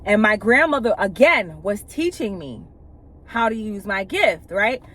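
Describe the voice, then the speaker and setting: A woman's voice: medium pitch, very animated, measured pace, fairly bright tone. Candid woman telling stories in a car. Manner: candid and emphatic, with casual profanity; retells scenes by acting out quoted speech. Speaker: vlogger sharing spiritual experiences. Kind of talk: casual storytelling monologue.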